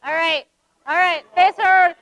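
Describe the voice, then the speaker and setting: A woman facilitating a workshop, running a group acting game with brisk, directive instructions. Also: very high-pitched, steady tone, a bit bright, dull audio.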